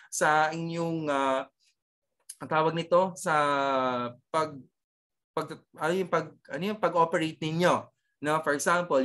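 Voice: medium pitch, a bit bright. Filipino-accented teacher with tag questions. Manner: switches between English and Tagalog, tags sentences with "okay" and "no?"; halting, with many restarts and fillers. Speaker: cookery teacher. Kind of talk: online class lecture.

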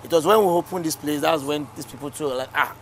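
A man's voice: fairly high pitch, quick pace, slight background noise. A man giving an on-site briefing on a community project, explaining things and checking in with his listeners. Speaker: community development official.

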